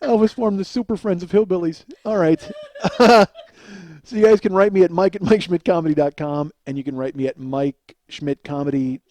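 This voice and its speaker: A man's voice: sits high, moderate pace, darkish tone, no room sound. A middle-aged man hosting a solo comedy podcast, telling a rambling, self-deprecating story and laughing at himself. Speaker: podcast host.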